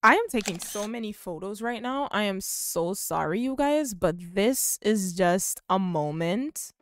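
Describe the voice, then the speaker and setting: A young woman giving excited, gushing commentary while playing a life-sim video game. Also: medium pitch, unhurried, no echo. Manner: excitable, gushing, squeals with delight. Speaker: gaming video host. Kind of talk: casual gameplay commentary.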